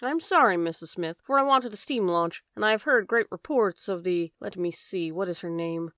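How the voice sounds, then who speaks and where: A woman voicing a shrewd, calm gentleman detective in an audiobook reading, measured and crisp. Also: on the low side, dry recording, studio quality, natural voice. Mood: coaxing.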